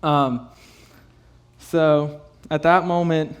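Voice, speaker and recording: Young man, slightly high voice, nervous and halting, close to tears while giving a youth-group testimony. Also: steady tone, dull audio. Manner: nervous, halting, many fillers and nervous laughs.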